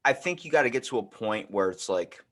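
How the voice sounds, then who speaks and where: A man with a fairly low voice talks in a loose, casual way. He swears freely and slips into acted-out quotes as he tells stories on a podcast. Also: lively intonation, fairly quick, a bit bright.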